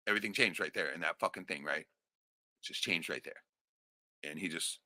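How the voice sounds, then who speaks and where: A man's voice: low voice, fairly quick, pauses often, sharp tone, no room sound, studio quality. A middle-aged man telling a rambling, profane personal story in casual chat. He laughs often and keeps checking in with "right?".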